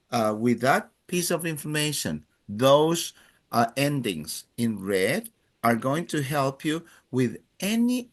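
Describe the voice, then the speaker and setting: A man teaching a live Spanish class, drilling students by counting in and praising each answer. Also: a little high.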